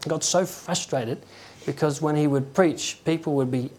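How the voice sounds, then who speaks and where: Man, conversational preacher, halting delivery, acts out stories. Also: fairly high pitch, darkish tone. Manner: conversational, halting, with chuckles and acted quotes. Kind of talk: informal sermon.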